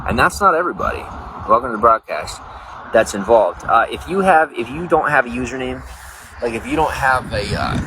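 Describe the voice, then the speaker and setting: A man's voice: medium pitch, fairly quick. A man live-streaming, chatting casually and rambling, greeting viewers by name. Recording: noisy background.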